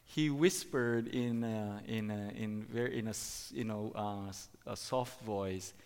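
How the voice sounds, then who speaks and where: A middle-aged man giving a sermon as a preacher, halting, with many fillers and restarts. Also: lowish voice, darkish tone, smooth. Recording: long hall reverb.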